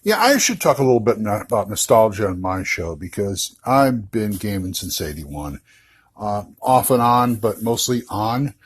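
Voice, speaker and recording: A man's voice: lowish voice, sing-song, moderate pace, slight background noise. Playful, jokey male caller. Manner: jokey, playful, drops into whispers. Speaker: caller, fellow podcaster. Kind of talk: casual voicemail call-in.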